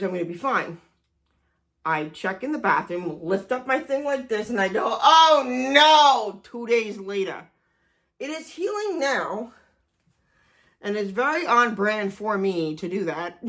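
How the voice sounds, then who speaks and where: Lively woman in her forties. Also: on the high side. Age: 40s. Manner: animated, self-deprecating, swears often. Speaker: vlogger. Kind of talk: casual storytelling vlog.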